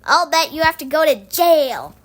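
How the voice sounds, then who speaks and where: A woman's voice: high-pitched, animated, moderate pace, voice pushed up. A woman voicing a schoolboy who gleefully taunts another boy in a storybook reading. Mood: gloating.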